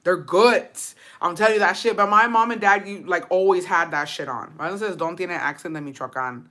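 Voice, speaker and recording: A woman's voice: on the low side, a little fast, fairly bright tone. A woman streamer from Texas chatting casually with viewers, switching between English and Spanish, swearing freely. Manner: bilingual code-switching, profane, chatty. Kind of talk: casual chat.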